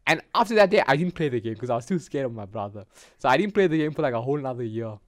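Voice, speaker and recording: A man's voice: mid-range voice, big pitch swings, racing, no room sound, studio quality. A young man with a South African accent, hosting a podcast and rambling through a story in casual slang over a video call. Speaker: podcast host. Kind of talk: casual chat.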